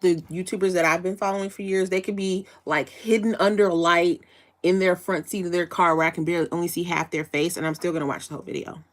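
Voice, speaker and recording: Bubbly young woman chatting on a livestream. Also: fast. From United States. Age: young adult. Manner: bubbly, chatty, breaks into excited high squeals. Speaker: livestream host. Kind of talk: casual livestream chat with viewers.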